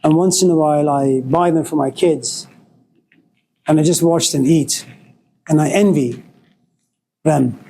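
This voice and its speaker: A man's voice: on the high side, measured pace, creaky, long pauses, dark tone, a little hiss or hum, low-quality recording. A man giving a storytelling lecture in a wry, dramatic way.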